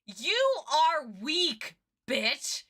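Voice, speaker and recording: A woman's voice: sits high, big pitch swings, drawn-out words, pushed and bright, heavily acted. A woman mimicking a cocky young hero taunting. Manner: mocking, taunting. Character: cocky young male card-game hero.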